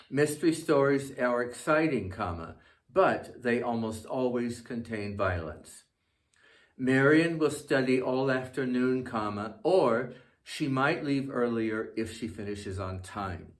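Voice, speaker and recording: A man narrating a scripted English grammar lesson, dictating example sentences slowly and carefully, saying each comma aloud. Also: medium pitch. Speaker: English teacher.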